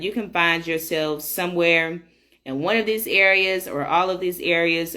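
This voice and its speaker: A woman with a notably low, deep speaking voice hosts a casual solo podcast. She talks in a chatty, candid, unscripted way, often pausing on an "um" as she thinks. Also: a bit bright. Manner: chatty and candid, frequent um fillers. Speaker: podcast host.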